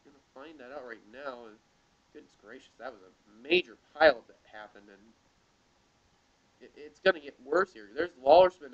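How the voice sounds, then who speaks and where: A man giving amateur play-by-play commentary of a sim race from home, excitable and often stumbling over and correcting names. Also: mid-range voice, moderate pace, muffled recording. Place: home, with other computer sounds.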